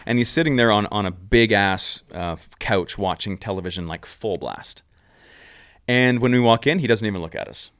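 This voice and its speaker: A man telling a travel story in casual chat on a podcast, animated and swearing easily. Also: fairly low pitch, moderate pace, smooth, no room sound, clean studio sound. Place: podcast studio.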